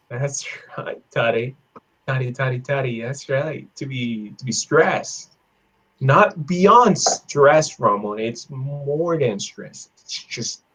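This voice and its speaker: A man teaching an online English class on idioms, playful, laughing often and repeating phrases slowly. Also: medium pitch, husky. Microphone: video call.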